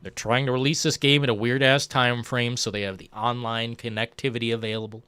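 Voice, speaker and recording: A man hosting a live gaming stream, ranting with profanity, swinging from low muttering to loud outbursts. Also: flat delivery, brisk, clean tone, no room sound. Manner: reads chat messages aloud. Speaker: livestream host. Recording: faint background music.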